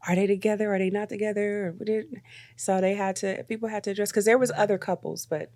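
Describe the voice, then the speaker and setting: A woman's voice: medium pitch, fast, no room sound. A woman co-hosting a podcast, casually retelling a reality show and acting out the people's lines. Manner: animated storyteller, acts out quotes. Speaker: podcast co-host.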